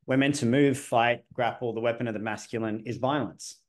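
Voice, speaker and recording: A man's voice: mid-range voice, fairly even intonation, fairly quick. A man hosting a casual podcast conversation, speaking bluntly and assertively in an opinionated way. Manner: sometimes swears. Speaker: podcast host.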